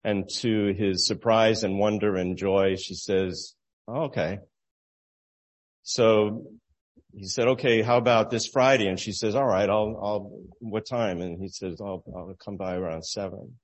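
A man with a somewhat low voice tells a story to make a moral point. He talks in a relaxed, unhurried way, with small restarts and soft chuckles. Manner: relaxed, halting storyteller who laughs at his own story. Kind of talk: storytelling sermon illustration.

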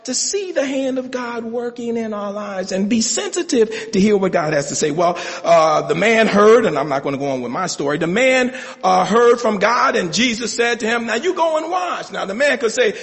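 A middle-aged male pastor preaching a sermon, building to shouted, rhythmic call-and-response passages. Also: high-pitched, lively intonation, normal speed, few pauses. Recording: long hall reverb.

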